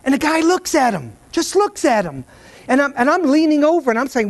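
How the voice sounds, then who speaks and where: A man giving a motivational talk to a live audience from a stage, an animated storyteller who often stammers and repeats words. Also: very high-pitched, fairly quick. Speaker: keynote speaker. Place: event stage.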